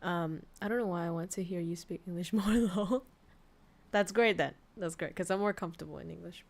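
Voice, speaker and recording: A young woman from Vietnam, a VTuber streamer chatting casually on a livestream, frank and quick to swear and laugh. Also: lowish voice, vocal fry. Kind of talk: casual livestream chat reading posts.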